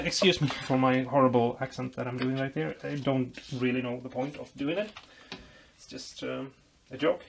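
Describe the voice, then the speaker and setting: A man's voice: medium pitch, fairly even intonation, normal speed, vocal fry, a little hiss or hum. A man vlogging as he builds a guitar, explaining while he works, rambling and making self-deprecating jokes. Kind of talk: casual workshop tutorial chat.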